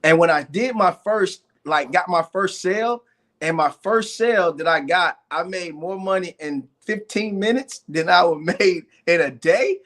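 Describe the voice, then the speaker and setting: A man's voice: high-pitched, a little slow, a bit bright. Earnest man telling his comeback story. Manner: earnest, repeats phrases, builds lists of hardships. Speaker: guest entrepreneur. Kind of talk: candid personal story in a live interview.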